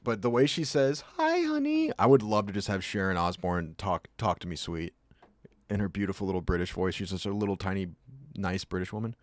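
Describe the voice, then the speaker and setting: A man's voice: low voice, fairly even intonation, fairly quick, no echo. A man streaming and chatting casually, rambling through jokey asides. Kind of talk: casual chat.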